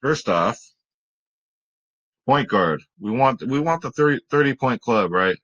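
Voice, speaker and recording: A man's voice: medium pitch, lively intonation, measured pace, fairly bright tone, highs cut off. A young adult man hosting a fantasy sports picks video, chatting casually and joking with his cat. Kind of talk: casual chat.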